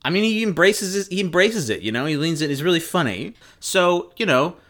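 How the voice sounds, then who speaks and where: A man's voice: fairly high pitch, expressive, a little fast, fairly bright tone. A man co-hosting a podcast, chatting casually, rambling and swearing enthusiastically. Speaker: podcast co-host. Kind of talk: casual chat.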